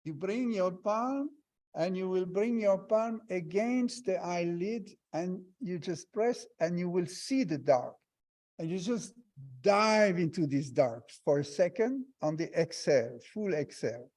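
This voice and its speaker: A man teaching a guided breathing meditation, giving calm step-by-step instructions with long pauses. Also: high-pitched.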